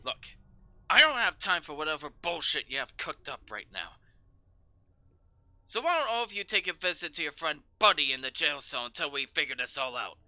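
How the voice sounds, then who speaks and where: A furious middle-aged sergeant, put on by a man running a tabletop game, barking threats and curses with a bright, hard edge. His pitch swings widely as he rages at the people under his command. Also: big pitch swings, normal speed, few pauses, no echo. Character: gruff angry middle-aged male sergeant.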